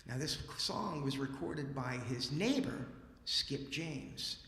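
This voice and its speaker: A man spinning a live story for an audience, animated and chatty, with a bright, forceful voice. It rings through a roomy hall with a long tail of reverb. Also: medium pitch, takes it slowly. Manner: lively, acts out dialogue, casual asides. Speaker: musician and storyteller on stage. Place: library event hall.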